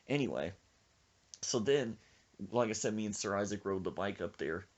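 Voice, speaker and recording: A man with a lowish voice tells a comic story on a podcast. His pitch swings widely as he acts out the scenes. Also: lively intonation, moderate pace, dull audio. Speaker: podcast host.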